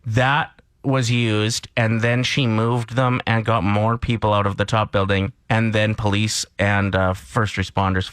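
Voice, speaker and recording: A man's voice: fairly low pitch, smooth, no echo. A man from Canada co-hosting a morning radio show, ranting and telling stories in casual chat. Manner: animated, ranting and storytelling.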